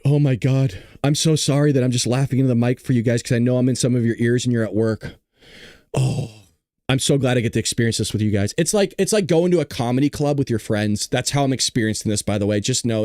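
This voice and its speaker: A man's voice: mid-range voice, darkish tone, no echo, clean studio sound. A podcast host reading an article aloud and mocking it, breaking into laughter as he goes.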